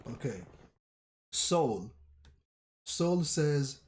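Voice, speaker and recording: A man reading a comic aloud and reacting as he goes, with a mid-pitched voice. He speaks in a slow, unhurried way, thinking out loud and often repeating his phrases. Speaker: manga reaction streamer.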